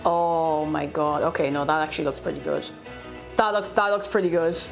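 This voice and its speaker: A woman's voice: low voice, steady tone, normal speed, creaky, music in the background. An Irish woman chatting casually on a cooking livestream in her home kitchen, reading out chat messages in a chatty, playful way. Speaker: streamer.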